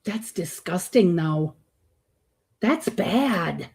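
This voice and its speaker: Low, dark, and gravelly, her voice is expressive and extremely slow. She hosts a live reaction stream from Florida over a streaming microphone, saying hello to viewers by name and talking bluntly amid frequent swearing and disgusted groans.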